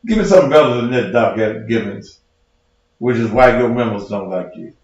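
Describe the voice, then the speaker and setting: Profane, combative preacher, very echoey room. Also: male voice, medium pitch, animated, a little fast, darkish tone, highs cut off. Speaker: preacher and show host. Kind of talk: heated livestream rant.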